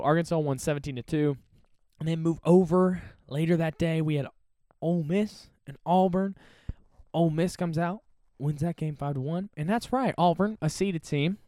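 A man giving casual, opinionated solo commentary on college sports, teasing and animated. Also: medium pitch, no echo, studio quality.

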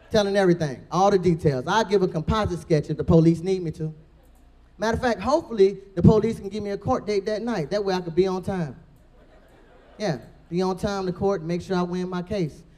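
Deep-voiced brash woman comic. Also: dark tone. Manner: brash, profane storytelling. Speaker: stand-up comedian. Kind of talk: stand-up comedy set.

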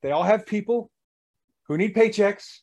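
Man, podcast host, high voice, emphatic, energetic. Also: moderate pace. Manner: energetic, emphatic coaching tone, acts out quotes. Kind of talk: casual podcast conversation.

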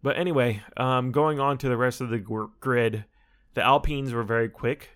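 A man's voice: medium pitch, steady tone, moderate pace, fairly bright tone, smooth. A man talking casually to his audience about a motor race, rambling and correcting himself as he goes. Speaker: solo racing commentator. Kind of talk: casual chat.

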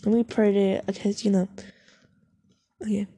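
A dark, medium-pitched female voice with a breathy edge talks at a normal speed in a level tone, recorded with no room sound. As she browses online, this vlogger rambles casually, swears often, giggles and cuts off her own thoughts while faint music plays.

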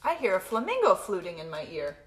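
A woman reading picture books aloud to a toddler in a playful, sing-song way, sometimes dropping to a hush. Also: mid-range voice, huge pitch swings, a little fast, breathy edge. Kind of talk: animated picture-book read-aloud.

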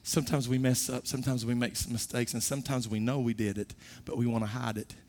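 Preaching father, soft to loud. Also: medium pitch, little pitch movement, fast talker, slight background noise. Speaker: pastor. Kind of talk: sermon.

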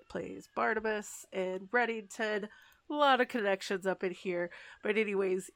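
Podcast host lady, gravelly voice, dry close sound, chatty and swears a bit. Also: medium pitch, no room sound. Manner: chatty, animated, swears casually. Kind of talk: casual chat.

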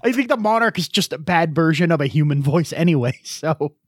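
A man co-hosting a podcast in casual chat, jokey and quick to riff on what he hears. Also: on the high side, expressive, dry recording, clean studio sound. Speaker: podcast co-host.

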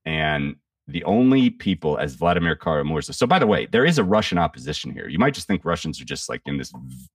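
A man with an extremely low voice delivers casual, profane political commentary on a podcast. He rambles, restarts his sentences often and talks bluntly. He sits back from the mic in a dry, dead-sounding room. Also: sing-song, quick pace, slightly rough, dry recording, distant mic.

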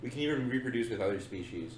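A man's voice: mid-range voice, animated, very fast, a little hiss or hum. A man co-hosting a casual podcast, chiming in with dry quips. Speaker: podcast co-host. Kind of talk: casual chat. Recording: echoey room.

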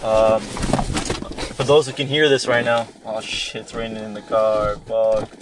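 A man's voice: fairly low pitch, little pitch movement, a little slow, noisy background. A young man hosting a podcast from inside a car in the rain, telling a long, rambling, profane story in a casual chat. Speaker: podcast host.

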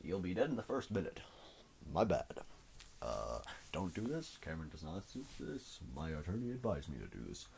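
A teenage man hosting a solo podcast from home, rambling and self-mocking, his voice swinging between loud bursts and mumbles. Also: sits low, huge pitch swings, moderate pace, vocal fry, slight background noise. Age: teens. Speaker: podcast host. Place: at home indoors.

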